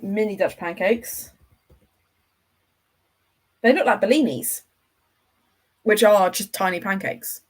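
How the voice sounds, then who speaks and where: A woman's voice: medium pitch, slow pace, pauses often. A woman hosting a livestream, chatting casually and enthusiastically with her viewers as she rambles from one thought to the next. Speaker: livestream host.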